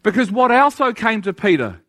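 A man's voice: high voice, sing-song, normal speed, bright, forceful tone. A man preaching a sermon, emphatic and full of rhetorical questions to his listeners.

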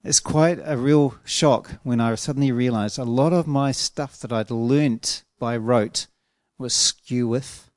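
A man preaching a sermon in an earnest, emphatic way, slowing down to stretch out key words. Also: medium pitch, a little mellow, no room sound, clean studio sound.

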